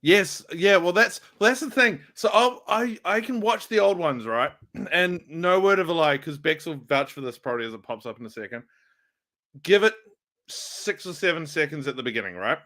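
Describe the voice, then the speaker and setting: A man chatting casually as co-host of a streamed podcast, an animated storyteller who laughs often. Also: fairly high pitch, normal speed. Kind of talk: casual chat.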